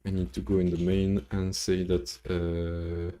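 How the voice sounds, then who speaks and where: Slow chatty guy coding live, french first language, cusses casually, deep-ish mellow tone. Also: completely flat delivery. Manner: rambling, swears casually, chats with viewers between code steps. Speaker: coding livestreamer. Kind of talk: casual live-coding stream, thinking aloud.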